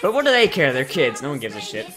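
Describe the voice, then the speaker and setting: A woman's voice: a bass voice, sing-song, quick pace, faint music behind. A young woman in casual reaction commentary, sarcastic, crude and profane, talking over a cartoon. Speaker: video host reacting to a cartoon.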